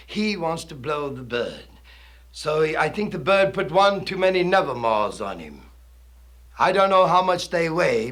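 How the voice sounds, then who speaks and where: A man performing a live comic monologue in hipster slang, swinging between booming declamation and low murmurs, recorded in the 1950s before a small audience. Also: fairly bright tone. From American. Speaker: comedian.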